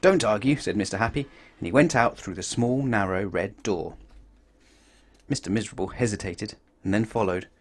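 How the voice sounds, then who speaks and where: A man reading a picture book aloud to children in an expressive, animated way. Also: lowish voice, moderate pace. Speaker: children's story reader.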